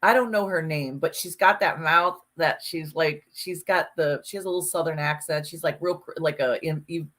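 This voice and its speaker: A woman with a fairly low voice talks in a loose, casual podcast chat. She is animated and emphatic, and she swears freely as she works through her thoughts. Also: moderate pace, hardly any pauses. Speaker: podcast co-host.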